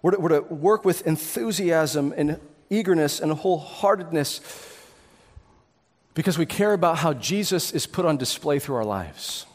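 A man's voice: on the high side, lively intonation, moderate pace, big-room sound. A man in his thirties or forties preaching a sermon, earnest, building to emphatic peaks with repeated words. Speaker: pastor.

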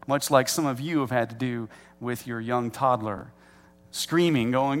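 A middle-aged male pastor delivers a sermon conversationally in a medium-pitched voice. He slows down to put stress on key words.

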